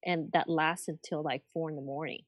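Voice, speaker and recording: A woman's voice: low-pitched, steady tone, normal speed, no echo. A woman who organizes conventions, recounting past events in a rambling way in a casual chat. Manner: rambling, recounting with many fillers.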